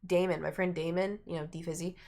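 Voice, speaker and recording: A woman's voice: steady tone, quick pace, darkish tone. A woman streamer chatting casually, rambling through a long story and acting out the people in it. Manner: chatty, rambling, acts out quoted people with raised pitch.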